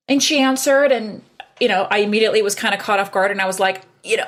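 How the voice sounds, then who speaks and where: A woman, a podcast guest, telling workplace stories in a lively, animated way and acting out both sides of old phone calls. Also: on the high side, quick pace. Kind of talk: casual conversation.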